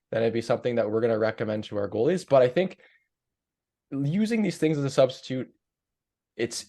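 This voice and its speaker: A man's voice: medium pitch, darkish tone. A man co-hosting a goalie training podcast, talking frankly and confidently in casual chat. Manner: frank, confident, sprinkled with fillers. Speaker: podcast co-host.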